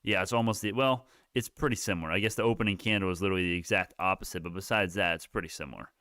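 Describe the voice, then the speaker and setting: A man's voice: sits low, very fast, pushed and bright, smooth, no echo, studio quality. Rambling man calling live stock moves. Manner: rambling, self-correcting, profane. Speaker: livestream stock market host. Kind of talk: live market commentary.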